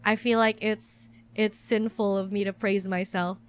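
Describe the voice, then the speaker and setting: A woman's voice: mid-range voice, flat delivery, a little slow, clean tone. A young adult woman chatting on a casual stream, rambling and self-deprecating with lots of fillers. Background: faint music.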